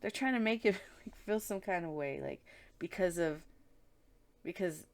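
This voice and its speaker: Woman doing a tarot reading, low-ish voice, loose and sweary, lots of like and you know. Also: expressive, normal speed. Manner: chatty, blunt and profane, with frequent filler words. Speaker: tarot reader. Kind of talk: casual tarot reading commentary.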